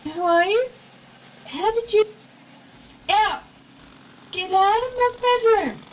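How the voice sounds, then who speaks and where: A woman's voice: high-pitched, slight background noise, rough recording. An actress with an Australian accent playing a spirited, blunt young woman in an audio drama. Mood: alarmed, indignant. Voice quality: brisk, bossy, lively. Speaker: companion character in an audio drama.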